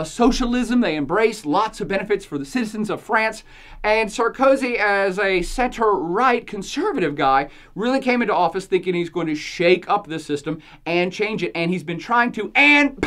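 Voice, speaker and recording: A woman hosting a podcast, giving opinionated commentary in a jokey, sarcastic way and laughing often between points. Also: mid-range voice. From United States. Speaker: podcast host.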